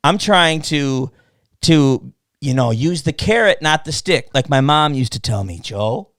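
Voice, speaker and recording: Male podcast host, slightly high-pitched, profane and animated storyteller, dry close sound. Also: unhurried, dry recording. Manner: profane, animated storytelling with mocking quoted voices. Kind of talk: casual podcast chat.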